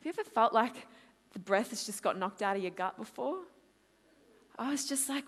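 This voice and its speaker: Australian woman in her twenties, high voice, lively testimony storytelling, long hall echo. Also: moderate pace, long pauses. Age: 20s. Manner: lively storytelling, acts out her own quotes loudly. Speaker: conference speaker. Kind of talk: testimony talk at a youth conference. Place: large hall.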